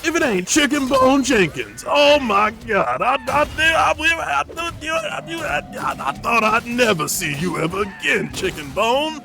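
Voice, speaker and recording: A man's voice: very high voice, very animated, unhurried, vocal fry, few pauses, pitched above the performer's own voice, exaggerated voice. A man voicing an overjoyed old-timey man who stammers and squeals as he reunites with a friend. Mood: shrill delight.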